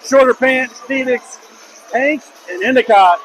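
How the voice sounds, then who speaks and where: High-pitched excitable basketball announcer man. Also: unhurried. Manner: excitable, openly biased toward the home team, shouts on big plays. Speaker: play-by-play commentator. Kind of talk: partisan basketball play-by-play. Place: school gymnasium at a basketball game. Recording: noisy gym crowd behind. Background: crowd noise.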